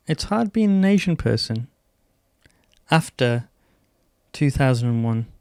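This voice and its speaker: A man telling rambling stand-up stories, acting out other people's voices and halting often with fillers. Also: mid-range voice, animated, gravelly, darkish tone, no room sound, clean studio sound. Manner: rambling anecdotes with quoted voices; slow, halting delivery with many fillers. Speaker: stand-up comedian. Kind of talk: stand-up storytelling.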